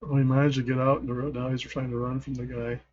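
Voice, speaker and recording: Mellow-voiced man rambling over gameplay. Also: mid-range voice, little pitch movement, fast, muffled recording. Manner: rambling, chuckling, trailing off mid-sentence. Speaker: gaming channel host. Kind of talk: casual gameplay commentary.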